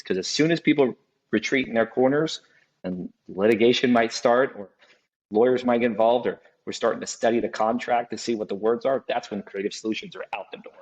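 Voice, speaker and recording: Low-voiced reflective builder man. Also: muffled recording. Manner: reflective, restarts often, acts out clients' voices. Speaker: custom home builder, podcast guest. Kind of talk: casual business conversation.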